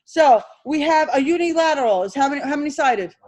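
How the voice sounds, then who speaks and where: A woman teaching an insurance licensing class, drilling terms over and over and firing questions at her students. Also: high voice. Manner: animated, repetitive drilling with quick questions to students. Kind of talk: classroom exam-prep lecture.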